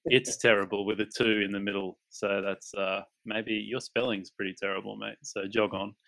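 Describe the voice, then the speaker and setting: A young Australian man co-hosting a podcast in a relaxed, joking way, often calling his co-host "mate". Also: on the low side, moderate pace, creaky, low-quality recording. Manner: laid-back, says "mate" often, jokey. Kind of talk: casual chat.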